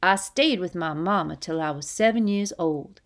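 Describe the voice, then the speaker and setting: Woman doing a gentle, wistful young man in an audiobook, soft-spoken, fairly low voice. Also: moderate pace, lightly acted. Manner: soft, wistful storytelling with rural dialect.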